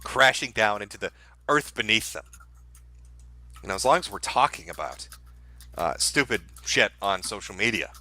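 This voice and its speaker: A man's voice: lowish voice, very animated, moderate pace, long pauses, pushed and bright. Sarcastic, foul-mouthed male commentary host. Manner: sarcastic, profane and mocking. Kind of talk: casual commentary on social media posts.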